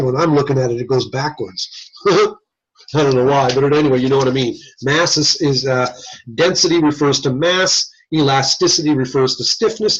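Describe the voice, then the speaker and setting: A man's voice: medium pitch, a bit bright. A man lecturing a class in a folksy, joking, conversational way, in a dull lo-fi classroom recording. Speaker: instructor. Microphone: video call or room mic.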